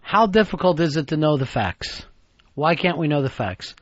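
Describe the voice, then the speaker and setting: A man's voice: on the high side, expressive, normal speed, highs cut off. A man co-hosting a radio talk show, blunt, profane and sarcastic in casual banter. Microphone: studio microphone.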